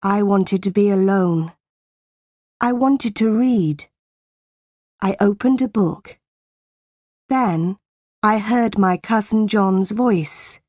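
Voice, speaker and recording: Slow, deliberate woman storyteller. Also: mid-range voice, a little mellow, no echo, clean studio sound. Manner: clear, deliberate reading. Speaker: narrator. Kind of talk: slow graded-reader storybook narration.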